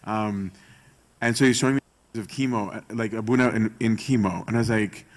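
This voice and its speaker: A man's voice: on the low side, fairly even intonation, brisk. A male priest giving a conversational sermon talk, often checking in with a rhetorical "right?". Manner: chatty, tags points with rhetorical "right?".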